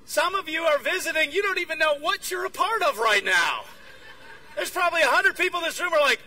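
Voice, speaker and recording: A guest speaker preaches an energetic sermon to a conference-room audience, his bright, forceful, high voice leaping all over the place. He talks a little fast and acts out small exchanges of dialogue as he goes. The mic is at a distance, and a faint hum sits behind him.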